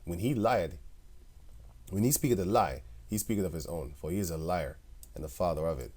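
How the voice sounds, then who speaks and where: A man's voice: deep voice, a little mellow. A man preaching online, reading Bible verses aloud and commenting on them between short chuckles. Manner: reads verses then comments, with frequent chuckles.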